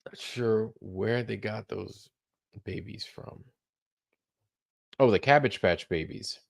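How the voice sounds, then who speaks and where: A man's voice: on the low side, takes it slowly, vocal fry. A man hosting a late-night livestream, rambling loosely, swearing freely and repeating himself as he trails off. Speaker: livestream host.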